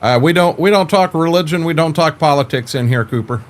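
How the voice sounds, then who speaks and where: An older man with a slightly high voice talks briskly and casually on a live stream about farming games. He's laid-back and folksy, often stumbling and repeating words.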